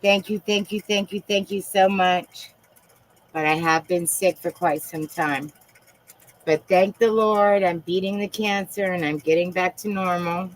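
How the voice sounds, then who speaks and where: Low-voiced woman, soft and halting. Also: steady tone, low-quality recording. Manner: soft-spoken and halting, with frequent pauses; emotional and confiding. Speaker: live streamer. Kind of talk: casual live-stream chat.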